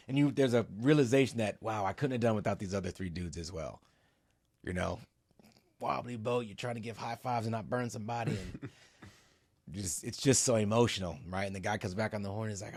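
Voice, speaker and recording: With a lowish voice and a slightly quick pace, a middle-aged company CEO tells of his ocean row in a relaxed interview. There's no echo and the audio is studio quality, while he lets his emotions show, swears freely and dramatizes his reactions.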